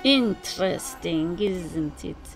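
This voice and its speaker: A woman voicing a jovial middle-aged man with a Slavic accent, slow and beaming. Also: fairly low pitch, expressive, music in the background. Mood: cheerful. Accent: Slavic, put on.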